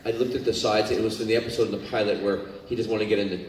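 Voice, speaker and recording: Born in Scotland, this man is a guest actor at a convention panel, speaking into a handheld mic and spinning rambling anecdotes for fans. His voice sits low and races along, animated and full of fillers and restarts. The hall is echoey, the mic distant, and faint room noise lingers.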